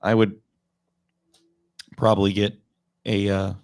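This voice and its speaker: Laid-back man with a low voice. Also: monotone, slow pace, darkish tone. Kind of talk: casual chat. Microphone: streaming mic.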